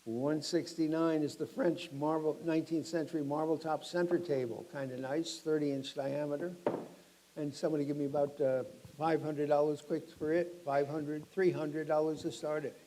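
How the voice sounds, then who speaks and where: A middle-aged man working as an auctioneer, describing each lot and then calling bids in a rapid chant. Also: a little high, little pitch movement, warm tone, rough recording.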